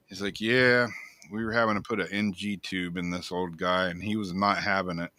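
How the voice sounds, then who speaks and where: Laughing a lot, a low-pitched man co-hosting a laid-back talk show retells a story with animated, profane looseness at a moderate pace. There is no echo on the audio.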